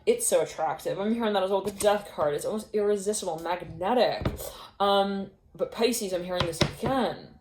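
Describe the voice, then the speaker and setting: Woman tarot reader, chatty and meandering, mid-pitched voice, echoey room with faint hiss. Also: brisk. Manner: rambling, intuitive, with frequent laughs and restarts. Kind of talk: casual tarot reading to camera.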